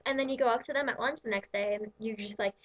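Teenage girl, vlog rant, chatty, sarcastic, slightly high voice. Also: fast talker, noisy background. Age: teens. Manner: chatty, sarcastic, acts out quotes. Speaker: vlogger. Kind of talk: casual ranting vlog.

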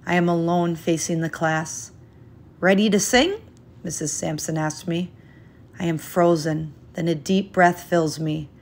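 A woman reading a children's picture book aloud in a gentle, expressive, unhurried way. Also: sits low. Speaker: storyteller.

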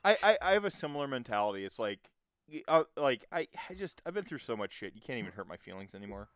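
A man's voice: medium pitch, big pitch swings, fast talker, fairly bright tone, clear, resonant tone, no room sound, clean studio sound. A man hosting a casual podcast chat, rambling through restarts and fillers and swearing freely. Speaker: podcast host.

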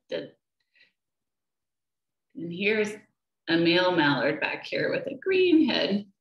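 A woman reads a picture book to young children at a very unhurried pace. She speaks gently and keeps asking them questions. Her voice sits in a middle pitch and is captured over a webcam in an echoey room. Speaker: children's nature program educator. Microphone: laptop or webcam for a video session.

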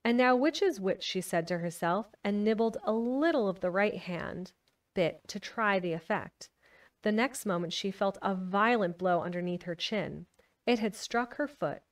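A woman's voice: mid-range voice, unhurried, recorded from a distance. A woman streaming a live book reading, narrating and chatting casually with her viewers. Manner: chatty, laughs often. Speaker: streamer reading a novel aloud.

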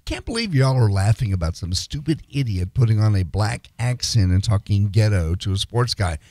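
A man's voice: on the low side, sing-song, normal speed, a little mellow, no room sound. A man co-hosting a radio show in a studio, reading listener mail aloud with dramatic emphasis. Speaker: radio co-host.

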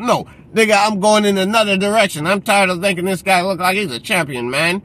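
Guy going off about boxing, high voice, cussing, aave, keeps saying he's sick of it. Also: brisk, few pauses, pushed and bright. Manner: profane, repeats a catchphrase, mocks others in put-on voices. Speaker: boxing commentator. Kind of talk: heated rant.

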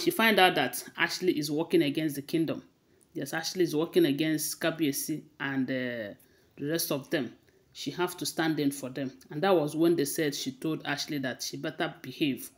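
A woman with a Nigerian accent casually retelling celebrity gossip, with frequent hesitations and restarts. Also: deep voice. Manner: hesitant, many fillers and restarts, conversational retelling.

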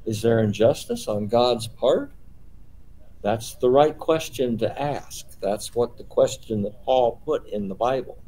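A man's voice: medium pitch, lively intonation, unhurried, dark tone, rough recording. A man leading a small-group Bible study, explaining patiently and posing rhetorical questions.

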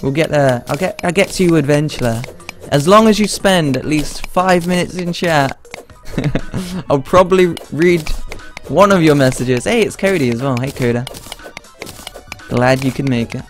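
This young British man has a fairly high voice and talks at a moderate pace. He's live-streaming a game, giving playful, chatty commentary and answering his chat, with game music playing behind him.

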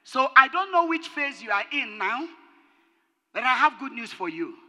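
A woman pastor delivers a fervent sermon, her voice leaping between loud shouted lines and hushed low phrases. Her pitch moves in lively swings, and a long hall reverb trails every word. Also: normal speed. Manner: impassioned preaching, swinging between shouted peaks and low drops.

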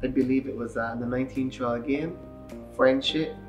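A young man and cricketer chatting casually with a friend, relaxed and laughing, with hesitant restarts. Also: medium pitch, normal speed, roomy sound, recorded from a distance, highs cut off, music in the background. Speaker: cricketer, interview guest. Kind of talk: casual chat between friends.

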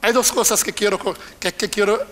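High, bright-voiced older bilingual preacher. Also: male voice, quick pace. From Panama. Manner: switches between Spanish and English line by line, animated. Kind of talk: bilingual sermon.

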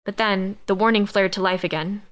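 Female audiobook narrator, mid-pitched, even and measured first-person reading.

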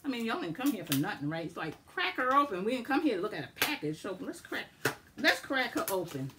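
A woman chatting casually and excitedly to viewers as she shows and swatches makeup finds. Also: mid-range voice, brisk, background noise. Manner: chatty, excitable, addresses viewers as y'all and guys. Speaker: beauty vlogger. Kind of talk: casual makeup haul review.

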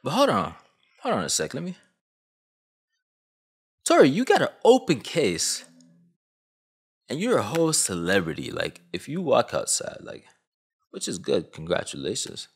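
A man's voice: measured pace, long pauses, breathy edge. Young canadian guy ranting on his channel, voice swinging all over, slangy and joking. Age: 20s. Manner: animated, swooping pitch, slangy. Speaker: YouTuber. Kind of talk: comedic commentary rant.

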